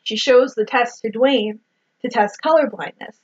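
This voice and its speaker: A woman's voice: on the high side, normal speed, a little mellow, husky. A woman recapping a movie in casual chat, swearing freely and quoting scenes. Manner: swears freely, retells scenes with acted quotes. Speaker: podcast co-host. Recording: dull lo-fi sound.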